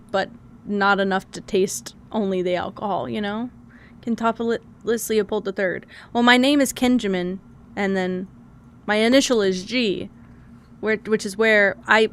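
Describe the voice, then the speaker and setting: A woman's voice: medium pitch, fairly bright tone, clear, resonant tone. A woman streamer in casual chat, rambling and talkative, often swearing and laughing as she goes.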